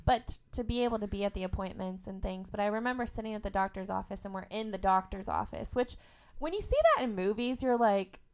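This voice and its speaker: A woman's voice: mid-range voice, steady tone, fast talker, clear, resonant tone. A young woman from Indiana, a podcast guest, telling a personal story in a candid, emotional way and laughing through the hard parts. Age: young adult.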